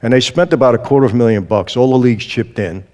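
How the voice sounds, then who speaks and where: A man tells his story as an interview guest, animated and acting out each quoted exchange. His voice sits at an everyday male pitch. A long reverb hangs behind it, as if recorded in a large hall. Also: fast. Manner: lively storyteller who acts out quoted dialogue. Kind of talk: storytelling testimony.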